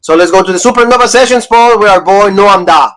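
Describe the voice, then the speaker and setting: Male podcast host, slightly high voice, casual recap style, lots of fillers. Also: a bit bright, low-quality recording. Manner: loose, filler-heavy talk with quick recaps. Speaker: wrestling show host.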